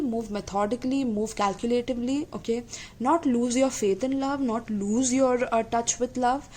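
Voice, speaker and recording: A woman reads tarot straight to her viewers in an earnest, affectionate way. She keeps checking in with little asides to her listeners. A faint hiss sits under her voice. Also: medium pitch. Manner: warm, repeatedly checks in with "okay?" and "my loves"; gentle, emotional and earnest. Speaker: tarot reader. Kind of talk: tarot reading to camera.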